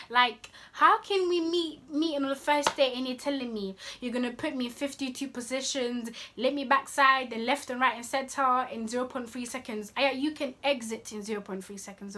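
A woman's voice: sits high, a bit bright. Sassy young woman vlogger. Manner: sassy, scolding, playful. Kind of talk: casual advice vlog.

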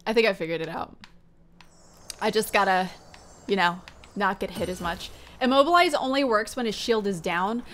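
A woman streaming a video game, shouting in panic during fights and thinking aloud calmly between them. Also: medium pitch, normal speed, long pauses. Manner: panicky shouting, then calm musing. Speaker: gaming streamer. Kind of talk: live gameplay commentary.

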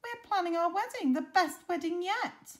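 A woman voicing a sweet young female scarecrow bride, high and earnest, in a storybook reading. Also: moderate pace.

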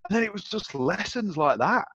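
An English man being interviewed tells a personal story casually and with animation, acting out other people's voices, swearing and laughing. His voice is high and brisk, and the audio is dull and dry with no echo.

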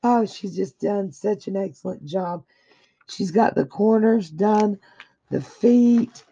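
Slow, gravelly-voiced woman gushing over a gift. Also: mid-range voice, mellow. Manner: gushing, effusive praise. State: dry throat. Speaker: craft vlogger opening happy mail. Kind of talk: casual unboxing chat. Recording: dull lo-fi audio.

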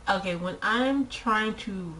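A woman's voice: medium pitch, slow, a little hiss or hum, low-quality recording. Exasperated young woman vlogging. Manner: exasperated and animated, with many rhetorical questions; frequent "like" fillers. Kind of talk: casual chat to camera.

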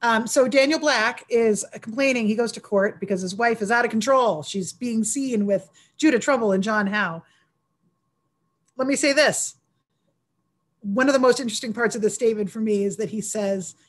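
Woman historian, online talk host, chatty and enthusiastic. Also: mid-range voice. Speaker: historian presenter.

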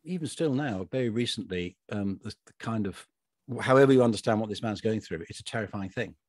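A man's voice: lowish voice, a little fast, a little mellow, no room sound, studio quality. A man co-hosting a casual talk on a Bible passage, thinking aloud with restarts and little laughs. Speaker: podcast co-host.

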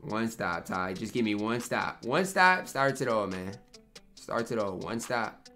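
This young gaming YouTuber gives live commentary on his own basketball game, grumbling angrily and chatting to himself in the gaps between plays. His fairly low voice is bright and forceful, with lively intonation and a slightly slow pace, while faint music runs behind him.

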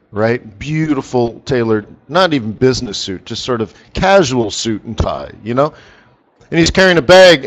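Man, market strategist hosting a live stream, casual rambling storyteller, chuckles at his own jokes, mid-pitched voice. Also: highs cut off.

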